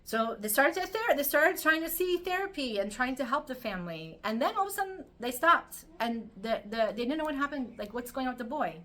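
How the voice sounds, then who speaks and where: A middle-aged woman teaches her weekly Torah lesson, telling stories with animation and emotion and using plenty of fillers. Her voice is high, her pace fairly quick, and she rarely pauses.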